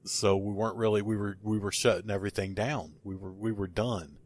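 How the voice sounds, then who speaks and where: A man with a lowish voice tells a story in loose, casual podcast talk. He rambles and restarts often, piling on fillers as he goes. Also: fairly even intonation, a little fast. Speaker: paranormal investigator guest.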